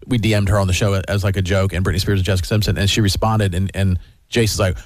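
A man's voice: low voice, fairly even intonation, quick pace, no room sound, clean studio sound. A man co-hosting a morning radio show, bantering and teasing his co-host in casual chat.

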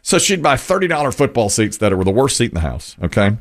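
Gravelly man telling animated radio stories. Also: fast talker. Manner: animated storyteller, squeaky voices for quoted people. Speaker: radio show host. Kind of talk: casual morning radio banter.

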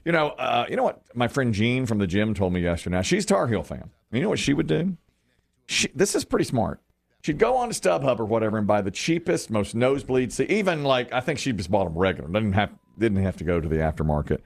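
Man, gravelly, lively pitch, low voice, morning radio co-host, casual storytelling. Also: quick pace. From American South. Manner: animated storyteller, jumps to high voices for quotes.

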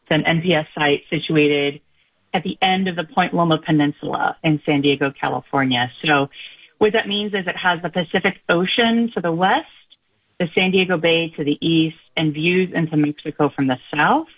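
A woman's voice: low-pitched, normal speed, husky. Cheerful woman on a phone line. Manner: cheerful, upbeat. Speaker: radio interview guest, nonprofit director. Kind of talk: radio interview.

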